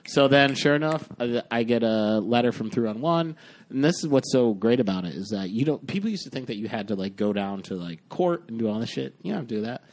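A man's voice: mid-range voice, lively intonation, a little fast, a little mellow. A man hosting a podcast, telling a long story in casual chat, rambling with lots of fillers and swearing. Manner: rambling, profane, full of fillers; acts out quoted lines in other voices. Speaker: podcast host.

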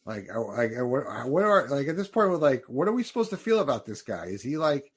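A man's voice: mid-range voice, very animated, a little fast, husky. A man giving casual, jokey commentary while watching a film with a friend. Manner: chatty, jokey asides and reactions.

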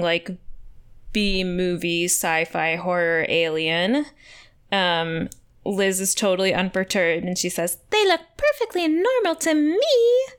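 Bubbly, giggly female podcast co-host with a smooth, clean tone. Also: fairly low pitch, fairly bright tone. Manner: bubbly, laughs often. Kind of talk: casual chat recapping a TV episode.

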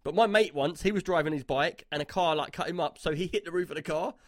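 A man hosting a podcast, retelling an argument in a lively, animated way. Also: fairly high pitch, quick pace, no echo. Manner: animated storyteller, retells quarrels loudly. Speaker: podcast host. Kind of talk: casual chat.

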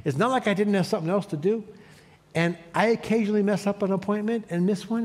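A man's voice: high-pitched, fast talker, a little mellow. A man preaching a sermon as pastor, leading his congregation in call-and-response. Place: church sanctuary.

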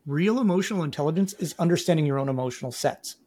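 A man's voice: fairly high pitch, lively intonation, fast talker, mellow. A man from Canada, a guest in a casual interview, who talks emphatically and laughs while making his points.

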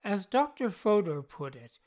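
A scripted documentary narrator telling a strange true story. The delivery is slow and unhurried, with a middle pitch. Each phrase is measured and clearly paced. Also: very animated, a little mellow.

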